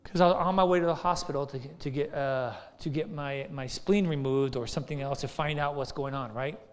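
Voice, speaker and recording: A man's voice: a little high, fairly quick, clear, resonant tone. A man preaching a sermon in a conversational, storytelling way, often checking in with the listeners. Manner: conversational, storytelling, frequent "right?". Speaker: pastor. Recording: long hall reverb.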